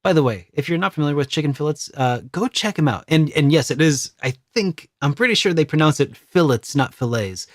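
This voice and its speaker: A man's voice: fairly high pitch, animated, quick pace, hardly any pauses, no echo. Man, podcast co-host, casual chat, rambling, dry close sound. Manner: rambling, hesitant, many restarts.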